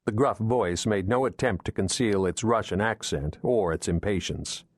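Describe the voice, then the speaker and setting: Male audiobook narrator, low voice, dry close sound, steady thriller reading. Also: no room sound. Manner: measured, steady storytelling.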